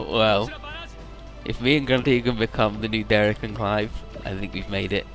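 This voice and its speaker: Man doing let's play commentary, bright forceful voice, rambling, swears a lot, faint music behind. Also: on the low side, fairly even intonation, normal speed. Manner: rambling retelling, frequent laughs and swearing. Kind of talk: casual game commentary.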